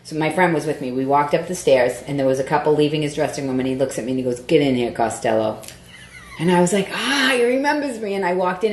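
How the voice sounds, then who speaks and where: A woman comedian telling a story in casual podcast chat, animated and profane, acting out the voices she quotes. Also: sits low, reverberant.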